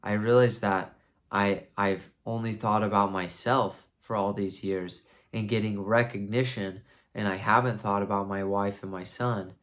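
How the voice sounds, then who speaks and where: A man's voice: on the low side, fairly even intonation, measured pace, a bit bright. A man voicing an earnest knight who pleads that he is trying his best. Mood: regretful. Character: earnest self-absorbed knight stuck in armor.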